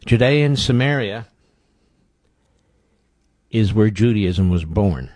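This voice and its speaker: A male talk host with a very low, darkish voice delivers opinionated commentary bluntly and emphatically, repeating words to drive his points home. He speaks slowly with lively intonation. The recording is dry and close, without echo or room sound.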